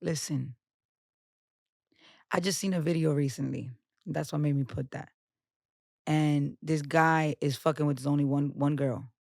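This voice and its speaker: New york girl talking blunt and profane on a podcast, raspy fry in her voice, dry sound. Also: sits low, measured pace, long pauses, no echo. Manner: blunt, profane, animated storytelling. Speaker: podcast guest. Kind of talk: casual podcast chat.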